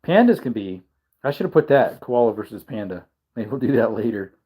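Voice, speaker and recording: A man's voice: medium pitch, very animated, fairly quick, warm tone, breathy edge. Tired, rambling man on a livestream. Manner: rambling, chuckling, musing aloud. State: tired, yawning. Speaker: livestream host. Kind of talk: casual live chat, reading comments.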